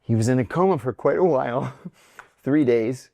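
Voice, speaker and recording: Middle-aged man, interview guest, mid pitch, dry sound, animated storytelling, acts out quotes. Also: normal speed, creaky, dry recording. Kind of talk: telling a personal story in an interview.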